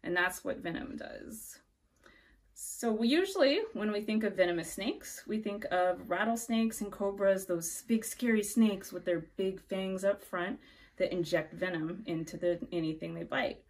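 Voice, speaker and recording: Woman educator, mid pitch, calm, friendly kids' lesson delivery. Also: unhurried. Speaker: snake keeper and educator. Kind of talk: educational explanation for children.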